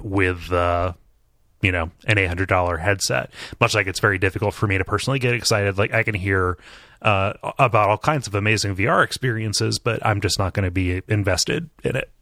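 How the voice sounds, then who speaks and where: A man with a low but bright, forceful voice chats on a tech podcast. He stumbles and restarts his words often. The sound is dry and close. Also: dry recording. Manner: halting, stammering restarts, laughs often. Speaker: podcast co-host. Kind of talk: casual tech podcast chat.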